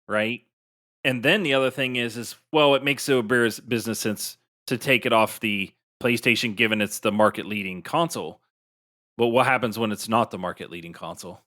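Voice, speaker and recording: A man's voice: mid-range voice, brisk, bright, forceful tone. A man co-hosting a gaming podcast, talking in a chatty, emphatic way with many restarts. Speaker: podcast co-host. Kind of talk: casual chat.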